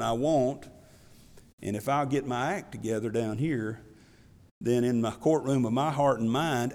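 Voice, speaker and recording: A man's voice: mid-range voice, a little mellow. A male pastor preaching a sermon in a folksy, conversational way, telling Bible stories and reading scripture aloud. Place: church. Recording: reverberant church hall.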